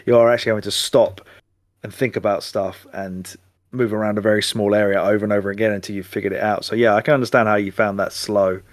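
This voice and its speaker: A man's voice: on the low side, steady tone, quick pace, no echo. A man co-hosting a podcast in casual chat, wry and complaining. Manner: wry, complaining, acts out inner thoughts in quotes. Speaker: podcast co-host.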